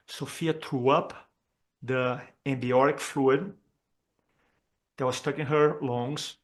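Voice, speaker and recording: A man from Brazil, a communication trainer telling a personal story during a talk for chiropractors, earnest and expressive as he acts out the dialogue. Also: on the high side, takes it slowly, pauses often. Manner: earnest and expressive, acts out quoted dialogue, with frequent fillers and restarts.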